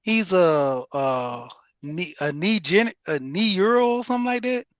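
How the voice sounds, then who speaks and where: A man chats loosely in slang on an online panel. His voice is high. The sound is dry and lo-fi. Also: animated, a little slow, no echo. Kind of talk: casual panel chat.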